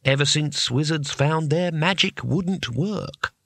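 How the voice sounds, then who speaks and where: A man reading an audiobook, voicing a calm, decisive senior male wizard who speaks firmly. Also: a little high, slow, dry recording, pitched above the performer's own voice, full character voice. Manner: calm, firm.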